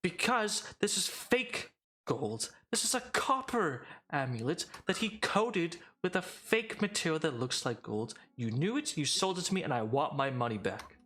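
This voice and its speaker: A man doing a shouting, furious drow elf. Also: on the high side, very animated, moderate pace, pitched above the performer's own voice. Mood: furious, accusing. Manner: shouting, raised and strained. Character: angry male drow customer, indignant, accusing.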